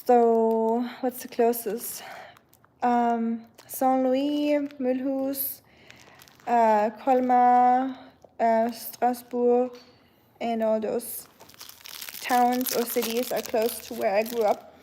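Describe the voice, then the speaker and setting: A woman with a German accent, a native German speaker, chatting casually on a livestream at home, answering her chat in a rambling way with many pauses and talking to her dog now and then. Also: fairly high pitch, level tone, warm tone. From Germany, near the French border. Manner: chatty and rambling, often pausing on "um", breaking off to soothe her dog.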